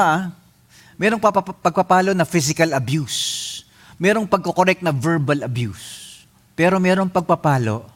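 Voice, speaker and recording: A middle-aged Filipino-accented man preaching with a fairly high, lively voice. He moves between Tagalog and English as he talks and plays out little scenes with sound effects and voices. He delivers it all in an energetic sermon style. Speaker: pastor.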